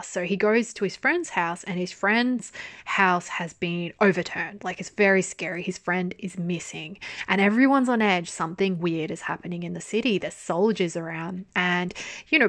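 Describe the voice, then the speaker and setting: A woman's voice: lowish voice, dry recording, studio quality. A young woman chatting casually through a review, laughing often and swearing freely as she talks. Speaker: drama reviewer.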